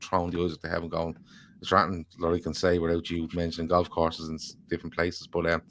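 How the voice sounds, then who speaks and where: Lowish-voiced man, rambling banter. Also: monotone, quick pace, a bit bright, slight background noise. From Ireland. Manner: rambling, swears freely, jokey banter. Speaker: podcast co-host reading viewer comments. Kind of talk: casual chat.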